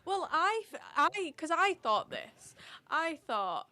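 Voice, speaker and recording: A woman's voice: very high voice, big pitch swings, takes it slowly, pushed and bright. A young woman co-hosting a podcast, talking casually with lots of fillers. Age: young adult. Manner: chatty, filler-heavy, laughs easily. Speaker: podcast co-host.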